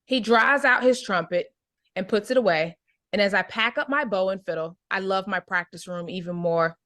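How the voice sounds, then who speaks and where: A woman teaching an adult English book club, reading a novel aloud and then explaining it slowly and clearly. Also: mid-range voice, a bit bright. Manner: slow, clear teacher explanations with check-ins.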